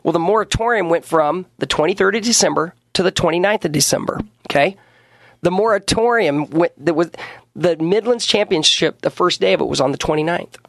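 A middle-aged wrestling coach talks in a rambling, earnest way, circling back and repeating himself. His voice sits a little high. The studio mic is close and dry. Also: brisk, creaky, a bit bright, no echo. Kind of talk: casual radio interview. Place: radio studio.

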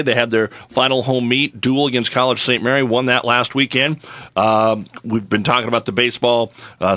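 A radio sports host runs through scores and sponsor copy at a brisk clip. His tone is bright and forward. The studio sound is dry and close. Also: mid-range voice, no echo.

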